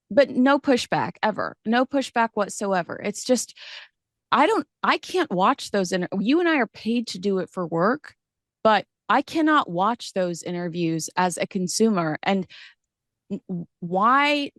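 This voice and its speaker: A woman's voice: mid-range voice, lively intonation, measured pace, dry recording. Woman host for casual commentary: wry, rambling, critical, dry sound.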